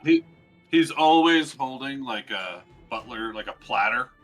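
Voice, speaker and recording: A man's voice: medium pitch, lively intonation, unhurried, fairly bright tone, soft background music. A man playing in a tabletop game, asking rules questions and describing his moves with some hesitation. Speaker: player.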